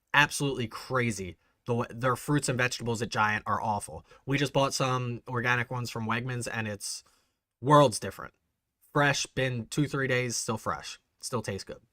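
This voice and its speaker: A man hosting a casual livestream, chatting excitedly and answering viewers' messages. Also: medium pitch, no room sound, clean studio sound. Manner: chatty, reads and answers live chat, excitable. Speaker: bourbon channel host.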